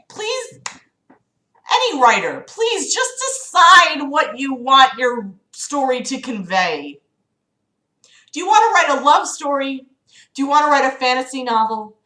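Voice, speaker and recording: A woman's voice: a little high, pushed and bright. A young woman livestreaming, reading a novel aloud and breaking off into sarcastic, swearing commentary. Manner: sarcastic, swearing, exasperated asides. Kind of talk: casual read-aloud with commentary. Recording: roomy echo.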